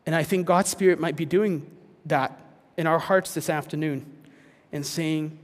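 A man preaching a sermon as pastor, earnest, dropping to a hush and then rising to emphatic points. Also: on the high side, fairly even intonation, unhurried, long reverb tail. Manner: earnest, swings between hushed and emphatic.

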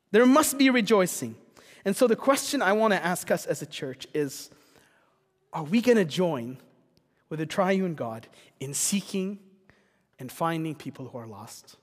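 A man's voice: sits high, lively intonation, a little slow, long pauses. Earnest preacher man in a reverberant hall. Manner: earnest, building to passionate rhetorical questions. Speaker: pastor. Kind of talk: sermon. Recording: long reverb of a church hall.

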